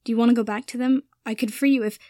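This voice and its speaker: A woman's voice: a little high, fairly even intonation, very fast, darkish tone, no echo, studio quality, close to an everyday voice. Woman reading as an upset young wizard. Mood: earnest.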